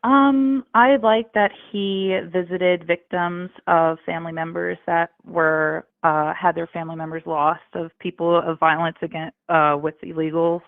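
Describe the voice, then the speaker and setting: A woman's voice: fairly low pitch, steady tone, no room sound. Hesitant woman caller on a phone line. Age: 30s. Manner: hesitant, halting with fillers.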